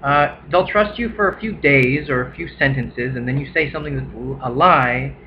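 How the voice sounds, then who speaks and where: A man's voice: normal speed, a little hiss or hum. Rambling young man on lo-fi audio. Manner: rambling, restarts often, acts out quoted people in a high voice. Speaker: vlogger. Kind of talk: casual monologue.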